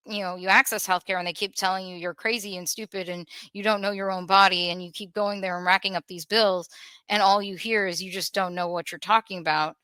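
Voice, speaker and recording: A woman telling a painful personal story in an emotional, earnest way, pausing and restarting as she holds back tears. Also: mid-range voice, level tone, pushed and bright, smooth, no room sound. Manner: earnest, halting, with restarts and pauses. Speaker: podcast guest sharing a personal story.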